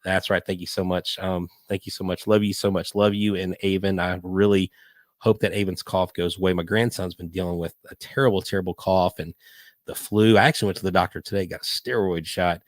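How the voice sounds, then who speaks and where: A man's voice: sits low, steady tone, a little fast, no room sound. Chatty older man, dry sound. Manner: rambling, hyper, chatty. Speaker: podcast host. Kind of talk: live-stream casual chat.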